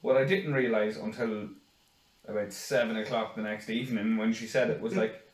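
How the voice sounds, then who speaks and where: A man's voice: on the low side, steady tone, normal speed. A young man co-hosting a podcast in casual, joking chat, swearing and rambling. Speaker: podcast co-host. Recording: roomy, distant mic.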